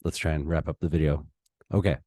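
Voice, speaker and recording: A low-pitched man delivers a slow, impassioned opinion monologue, pausing and restarting as his feelings rise. His tone is mellow and dark, and the recording is close and dry. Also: level tone, dry recording. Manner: impassioned, heated, with pauses and restarts. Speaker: political commentator.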